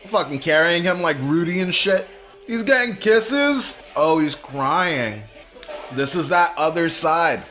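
A foul-mouthed man reacts to a movie as he watches, blurting out excitable comments in a voice set a little high for a man. A faint film soundtrack plays behind him. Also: slow pace, soft background music. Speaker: reaction video host.

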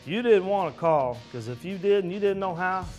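A duck hunter tells wry, folksy stories. His voice is a touch high for a man, and guitar music plays under it. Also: expressive, normal speed, a little mellow. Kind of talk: casual storytelling.

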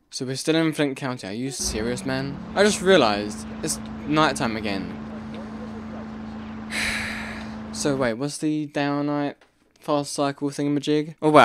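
A young man rambling through let's play commentary, breaking into sudden excited yelps and repeated pleas. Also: mid-range voice, noisy background. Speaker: gaming channel host.

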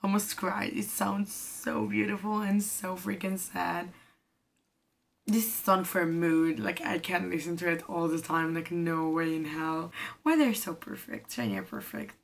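A woman's voice: fairly low pitch, unhurried, gravelly, a little hiss or hum. Gushing young woman reacting to music. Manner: gushing, exclaims often, non-native phrasing. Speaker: K-pop reaction vlogger. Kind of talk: casual reaction commentary. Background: faint music playing.

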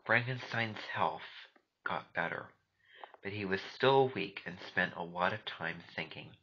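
A man narrating a storybook in a hushed, soft reading voice on a dull lo-fi recording. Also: sits low, unhurried. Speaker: audiobook narrator. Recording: dull lo-fi recording, faint noise.

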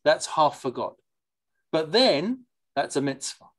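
A lively, digressive class teacher reads texts aloud and unpacks them in an informal lecture. The voice sits at a middling pitch and keeps turning to the listeners with questions, with Yiddish and Hebrew words mixed into the talk. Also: slow pace. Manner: mixes in Yiddish and Hebrew terms. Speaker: teacher leading a study class.

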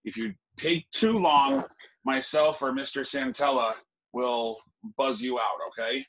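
A man co-interviewing who runs a quick-fire quiz in a brisk, lively way. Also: mid-range voice. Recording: lo-fi with faint noise.

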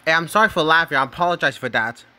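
A man's voice: on the high side, very fast, sharp tone, slight background noise. A man hosting his own channel, casually talking through a ranking of his favorite users. He rambles, repeats himself, keeps asking "right?" and trips over names before correcting himself. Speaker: channel host.

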